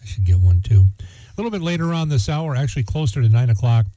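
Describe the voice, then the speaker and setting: A man's voice: mid-range voice, big pitch swings, fast talker, warm tone, no room sound. A man hosting a morning radio show in casual, joking chat, rambling with lots of fillers.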